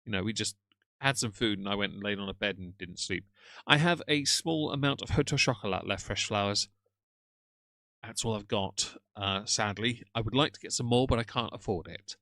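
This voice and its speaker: Sarcastic man streamer, low voice. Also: moderate pace, pushed and bright, no room sound. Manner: sarcastic, greets viewers by name. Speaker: streamer reacting to a video. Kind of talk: live-stream reaction commentary.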